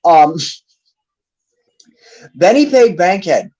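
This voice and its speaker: A man hosting a battle rap league livestream rants angrily and profanely, calling someone out in a heated tirade. His high voice is sing-song, mellow and husky, delivered very slowly, and the audio is dull.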